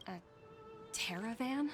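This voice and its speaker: A curt young game manager. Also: female voice, fairly high pitch, expressive, slow, soft background music. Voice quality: curt, impatient. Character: blunt young female corporate manager.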